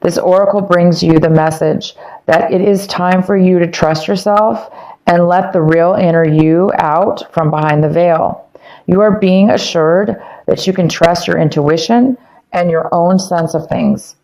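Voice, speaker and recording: A woman with a slightly low voice talks through a tarot reading, circling back over her phrases with plenty of ums. She is losing her voice as she goes. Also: a little slow, warm tone, poor audio. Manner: rambling, repeats phrases, many ums. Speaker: tarot reader. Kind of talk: casual tarot reading to camera.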